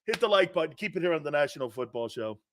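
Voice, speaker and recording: A man's voice: on the high side, expressive, fast, a little hiss or hum. A man hosting a sports talk show, talking loosely and profanely and laughing often.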